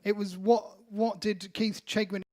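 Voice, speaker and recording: A man's voice: high-pitched, flat delivery, measured pace, a little mellow. A man co-hosting a casual livestream chat as a band member, making dry, teasing quips.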